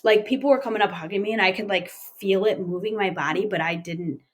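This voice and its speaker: A woman in her thirties tells her story in an interview, pausing often and filling the gaps with "um" and "like". Her voice sits at an everyday middle pitch. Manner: plain, halting retelling with frequent fillers. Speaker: interview guest.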